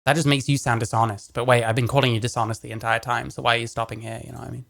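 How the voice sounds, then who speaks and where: A man's voice: medium pitch, flat delivery, very fast, creaky, a bit bright. A man giving blunt, mocking, profane commentary as he reacts to a clip.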